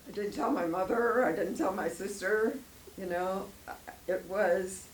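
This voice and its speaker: An older woman speaks slowly as a church guest speaker, telling her personal story with emotion. She rambles a little and laughs often, her voice sitting at a middle pitch. The room rings with echo and a faint hiss sits under her voice. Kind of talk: personal testimony talk. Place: church hall. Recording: echoey room, faint noise.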